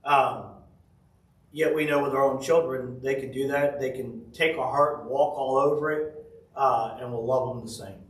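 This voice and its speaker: A man's voice: medium pitch, fairly even intonation, moderate pace. Man giving a folksy sermon. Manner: folksy storytelling, chuckles. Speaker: pastor. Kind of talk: casual devotional sermon. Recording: roomy audio from a distant mic.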